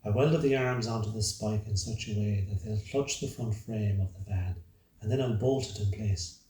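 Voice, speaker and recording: A man narrating a dark first-person story in a measured, brooding, dramatic way. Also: lowish voice, a little hiss or hum. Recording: roomy, distant from the mic.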